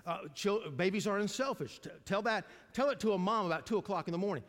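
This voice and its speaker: A man's voice: high-pitched, quick pace, fairly bright tone. An older man preaching a sermon to a congregation in a folksy, conversational way, asking them questions as he goes. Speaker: pastor. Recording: long reverb of a large hall.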